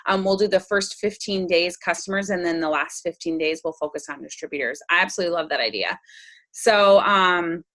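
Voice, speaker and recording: A woman's voice: on the low side, a little fast, a bit bright. A woman hosting a team video call, upbeat and encouraging. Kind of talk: casual video call talk.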